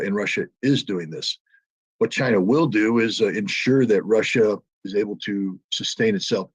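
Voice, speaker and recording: A man on a panel answering an audience question with measured expert analysis, full of fillers and restarts. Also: low-pitched, husky, dry recording.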